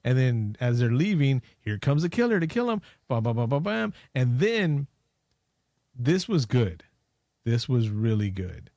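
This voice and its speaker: A man co-hosting a podcast, casually recapping a movie plot with jokes and quick acted-out lines. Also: medium pitch, sing-song, warm tone, no room sound, clean studio sound. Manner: jokey, acts out scenes in quick voices. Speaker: podcast co-host.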